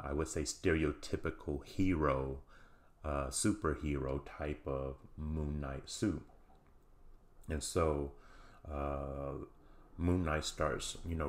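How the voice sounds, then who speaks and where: A man hosting a show, recapping a TV episode in a casual, halting way with many ums and restarts. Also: a bass voice. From United States. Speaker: show host reviewing a TV series.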